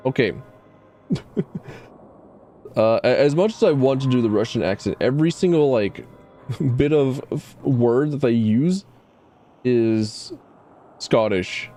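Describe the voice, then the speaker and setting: Male streamer, mellow voice, rambling and stammering, self-deprecating. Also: mid-range voice, expressive, slow, long pauses, faint music behind. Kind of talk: casual gameplay commentary.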